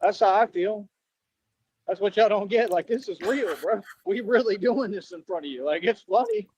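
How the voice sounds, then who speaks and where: A man's voice: high-pitched, moderate pace, a little mellow, breathy edge, low-quality recording. A man rambling on at length, boastful and earnest, repeating himself often, with a way of talking. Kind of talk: rambling street monologue.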